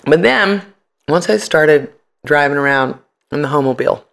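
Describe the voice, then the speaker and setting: A man's voice: fairly high pitch, lively intonation, moderate pace, gravelly, fairly bright tone. A man in his forties, an interview guest, telling stories in a blunt, profane way and mimicking the people he quotes. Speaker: interview guest, punk musician and comedian. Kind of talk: casual interview storytelling.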